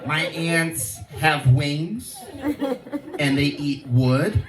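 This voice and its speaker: A man's voice: fairly high pitch, measured pace, pauses often, heavy background noise. A man in his thirties performing a stand-up comedy set, with a laid-back stoner delivery and rhyming riffs. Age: 30s. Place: live comedy show venue. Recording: roomy live venue, distant mic, loud crowd laughter.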